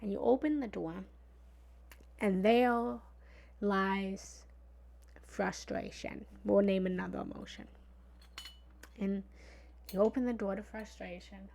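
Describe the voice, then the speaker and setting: A woman giving a motivational talk in a lively, conversational way. She sometimes drops into a whisper for emphasis and repeats phrases playfully. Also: medium pitch, slow pace, vocal fry, pauses often. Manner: repetitive, playful analogies. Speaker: motivational speaker.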